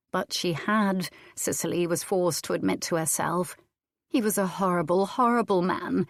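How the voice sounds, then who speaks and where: A woman narrating a historical romance audiobook in an even, measured storytelling manner. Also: fairly low pitch, creaky, no echo, studio quality. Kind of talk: scripted narration.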